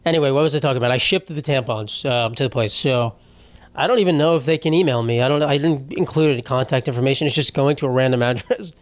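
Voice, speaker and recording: A man's voice: mid-range voice, fast talker, no room sound. A man hosting a solo comedy podcast, telling rambling, profane, self-mocking stories in casual talk. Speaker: podcast host. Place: home setup.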